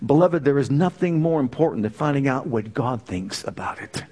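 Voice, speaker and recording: A man's voice: mid-range voice, animated, normal speed, darkish tone, slightly rough. A man preaching a sermon, emphatic and full of rhetorical questions.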